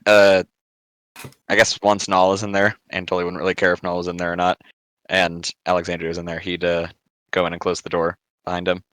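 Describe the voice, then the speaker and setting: A man at a tabletop game who talks in an offhand, hesitant way. His voice is very low yet bright and sharp in tone. The recording is dry. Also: completely flat delivery, a little fast, dry recording. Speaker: player. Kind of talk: casual tabletop play.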